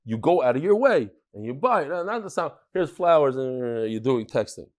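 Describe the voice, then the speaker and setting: This man's voice is medium-pitched, sing-song and a little fast, with a darkish tone. His daf yomi lecture to a live audience is full of jokes, stories and laughter, delivered in a chatty style.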